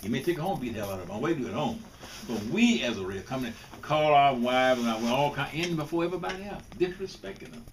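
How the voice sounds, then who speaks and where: Mid-range, animated, and fast with hardly any pauses, this older Mississippi man speaks to students as a guest. He's blunt and informal, restarting and repeating often, and the distant mic picks up faint background noise.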